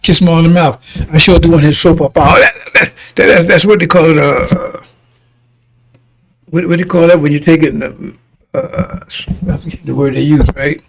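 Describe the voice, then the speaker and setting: A man's voice: on the high side, fairly even intonation, moderate pace, gravelly, slight background noise, poor audio. A man preaching in a combative, rambling way, often breaking off to ask "see?". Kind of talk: fiery preaching broadcast.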